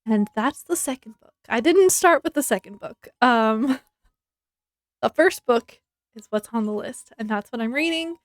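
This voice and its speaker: In a casual book review vlog, a woman with a slightly high, expressive voice chats unhurriedly and rambles, full of ums and restarted sentences. She laughs easily and acts out her reactions, and the recording is close and dry with no room sound or echo.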